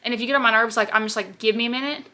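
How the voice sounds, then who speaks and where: Her voice is fairly high, pushed and bright, with fairly even intonation and a very fast delivery. The twenty-something beauty vlogger chats and rambles in a get-ready-with-me video, filling it with endless "like"s.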